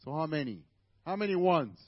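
A man's voice: fairly high pitch, big pitch swings, a little fast, no room sound, highs cut off. A man with a Spanish accent, native Spanish speaker, preaching a conversational sermon to a church congregation with asides to the listeners.

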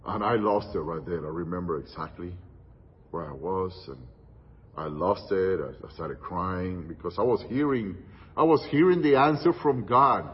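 A man preaching a sermon, telling a story with dramatic pauses and dropping to hushed tones for quoted words. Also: low voice, animated, breathy edge. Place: church hall. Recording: distant, muffled church hall recording with long reverb.

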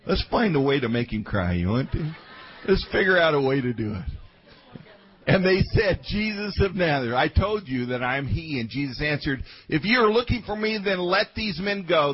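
A man preaching a sermon, swinging from loud outbursts to quiet asides, in a dull lo-fi recording. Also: fairly high pitch, animated, moderate pace, slightly rough.

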